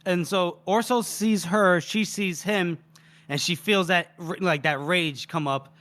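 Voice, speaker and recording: A man co-hosting a podcast, retelling a book's scene in an animated, chatty way and swearing freely. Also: high-pitched, a little slow. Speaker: podcast co-host. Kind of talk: casual book-discussion retelling.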